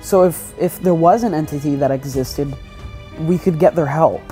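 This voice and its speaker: Guy in a fan audio drama, kinda high voice, frantic and begging, music going behind. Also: moderate pace. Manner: frantic, pleading, shouting. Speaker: creator playing himself in an audio drama.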